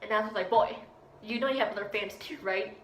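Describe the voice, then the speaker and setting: A woman's voice: medium pitch, brisk, a bit bright, echoey room, slight background noise, low-quality recording. A seventeen-year-old girl telling a rambling story in a casual vlog, talking around a retainer and acting out what people said. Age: teens. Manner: rambling, chatty, quotes people in voices. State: speaking with a retainer. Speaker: vlogger.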